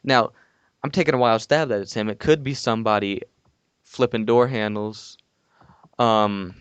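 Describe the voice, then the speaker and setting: A man's voice: fairly low pitch, moderate pace, clear, resonant tone, no echo, dull audio. Young man rambling through a story. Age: young adult. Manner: rambling, animated story with restarts and laughs. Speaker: podcast co-host. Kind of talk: casual storytelling. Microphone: call-in from home.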